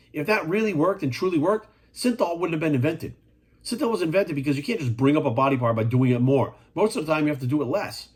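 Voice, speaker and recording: A man's voice: on the high side, slightly rough. A man talking as a fitness coach in a casual monologue, blunt and profane, firing rhetorical questions at the viewer.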